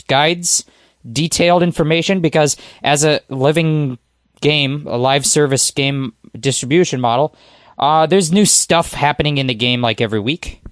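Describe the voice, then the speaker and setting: A man's voice: a little high, fairly bright tone, clear, resonant tone, no echo, clean studio sound. A man guesting on a podcast, chatting in an easygoing, rambling, self-deprecating way. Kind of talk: casual podcast chat.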